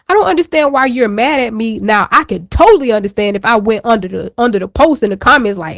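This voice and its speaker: A woman's voice: high voice, expressive, brisk, few pauses, dry recording. Chatty woman with a dry, close sound. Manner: candid, chatty storytelling with slang asides. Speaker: show co-host. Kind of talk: casual chat.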